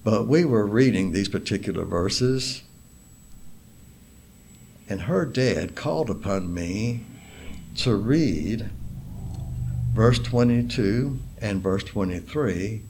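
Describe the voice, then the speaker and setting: A man preaching a sermon in a slow, deliberate way, stressing single words and reading scripture aloud. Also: on the low side, expressive, a little mellow, slight background noise. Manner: reads scripture aloud in King James wording.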